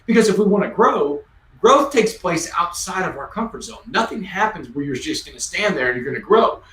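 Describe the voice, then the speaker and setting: A man's voice: high voice, big pitch swings, brisk, fairly bright tone, slight background noise. Earnest man, roomy distant sound. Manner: earnest, emphatic storyteller. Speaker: guest speaker. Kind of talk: conversational storytelling.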